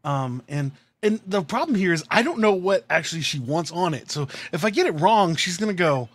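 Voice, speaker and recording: A man's voice: sits high, animated, a little fast, hardly any pauses, no echo. A man hosting a podcast, telling a story in casual chat and acting out his own outbursts. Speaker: podcast host.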